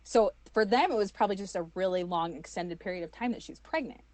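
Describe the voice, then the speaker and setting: A woman, telling her own story as an interview guest, animated and full of fillers. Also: medium pitch, quick pace, no echo. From United States. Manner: animated, acts out quoted voices, many fillers.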